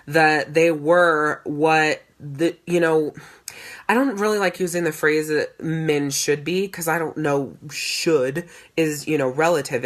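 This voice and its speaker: A woman in her thirties, a coach talking in a casual monologue, blunt and emphatic, with lots of swearing and animated storytelling. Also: deep voice. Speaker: life and sales coach.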